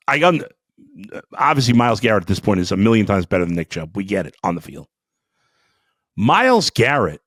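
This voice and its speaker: A man hosting a sports podcast, ranting angrily and swearing, with outbursts that drop to low muttering. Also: dry recording, studio quality. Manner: fiery, profane, swings between shouting and muttering. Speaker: sports talk podcast host. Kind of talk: angry sports rant.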